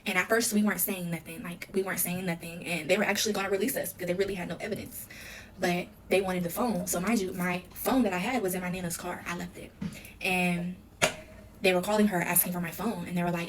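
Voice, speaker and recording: A young woman tells her own story in an interview, the words tumbling out quickly. Her voice sits a little low for a woman. She keeps acting out the dialogue, so the retelling stays loose and candid. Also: steady tone, a little hiss or hum. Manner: rapid, filler-heavy retelling with quoted dialogue.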